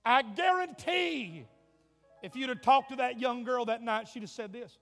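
A male preacher telling a story in a revival sermon, dramatic, swinging from hushed tones to shouts. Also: very high-pitched, expressive, moderate pace, creaky. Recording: long hall reverb, faint music.

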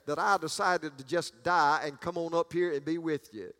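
Man doing clingy wife, sweet-talking, folksy, high voice, long reverb. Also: steady tone, moderate pace, bright, forceful tone. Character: clingy wife who follows her husband to heaven.

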